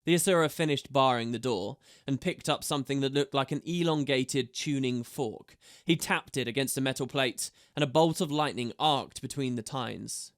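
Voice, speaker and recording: A man reading a fantasy audiobook aloud with steady, measured narration. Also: mid-range voice.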